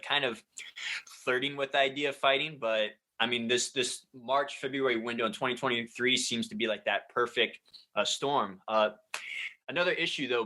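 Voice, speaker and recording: A man co-hosting a sports podcast, walking through the week's news in a loose, filler-heavy way. His voice is bright and forward, at a middle pitch. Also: poor audio. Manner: explanatory, full of fillers like "like" and "kinda". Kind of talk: casual sports chat.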